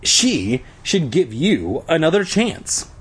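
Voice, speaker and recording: A man voicing a calm, soft-spoken schoolgirl. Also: a little high, takes it slowly, breathy edge, voice pushed up, heavily acted.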